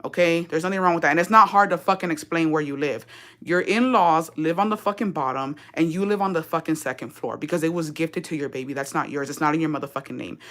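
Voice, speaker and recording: A woman's voice: deep voice, fast, fairly bright tone. Profane ranting woman. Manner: profane, sarcastic, switching between English and Spanish. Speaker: live-stream vlogger. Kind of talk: heated rant on a livestream.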